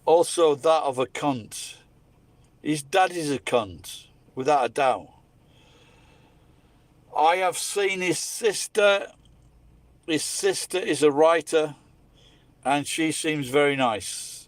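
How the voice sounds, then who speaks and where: A man's voice: a little high, animated, slow pace, pauses often, no echo. A Scottish man delivering a blunt, heavily profane, opinionated rant in a casual monologue. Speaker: vlogger.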